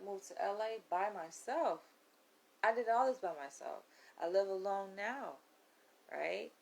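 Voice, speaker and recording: A woman's voice: mid-range voice, gravelly, rough recording. A woman vlogger talking from her bedroom in a candid, self-assured chat, often laughing as she tells her stories. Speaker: vlogger, channel host. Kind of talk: casual confessional chat to camera.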